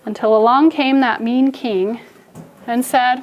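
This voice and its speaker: A woman's voice: on the high side, fairly even intonation, unhurried, lo-fi sound, a little hiss or hum. A young woman teacher giving a playful, story-style phonics lesson to children in a classroom. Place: classroom with kids.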